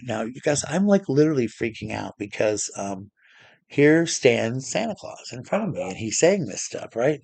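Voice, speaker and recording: A man's voice: medium pitch, sing-song, moderate pace, creaky, darkish tone, slightly rough, no echo. A man vlogging, telling a long personal story in a chatty, rambling way with many restarts. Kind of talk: casual storytelling to camera.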